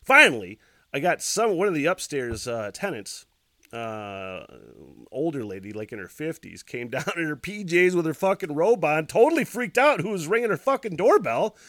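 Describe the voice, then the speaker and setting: A male podcast host tells a rambling, profanity-laced story, laughing mid-sentence and acting out the noises himself. His voice sits a touch high and swings widely in pitch. The sound is dry and close, with no room around it. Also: big pitch swings, moderate pace, a bit bright, no echo. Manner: laughs while talking.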